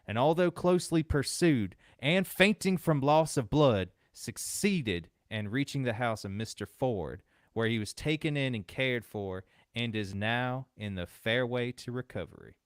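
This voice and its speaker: A man's voice: mid-range voice, lively intonation, measured pace, few pauses, no room sound, studio quality. A man co-hosting a podcast, reading an old newspaper account aloud and then chatting about it loosely. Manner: reads old newspaper text, then chats loosely with laughs. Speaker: podcast co-host.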